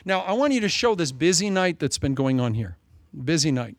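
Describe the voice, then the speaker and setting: Male pastor, lively storyteller, slightly high voice, dry close recording. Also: fairly quick, no room sound. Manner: animated storytelling with humorous asides. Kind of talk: sermon.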